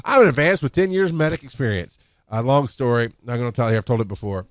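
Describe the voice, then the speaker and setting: In a medium-pitched voice that's animated and fast, a middle-aged EMS instructor tells casual, rambling stories from work, with lots of restarts and acted-out quotes. He speaks into a podcast microphone, recorded in clean studio sound with no echo.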